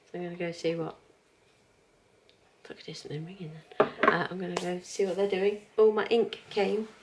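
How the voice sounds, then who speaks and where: A woman's voice: fairly low pitch, steady tone, a little fast, a little hiss or hum. A woman in her thirties chatting casually at home in a rambling, cheerful vlog, laughing often. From England. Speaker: vlogger.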